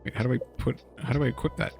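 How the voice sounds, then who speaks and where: A man's voice: mid-range voice, steady tone, rapid-fire, vocal fry, over music. A man chatting casually on a game stream, thinking aloud as he plays and reads out menus. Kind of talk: casual live-stream chat.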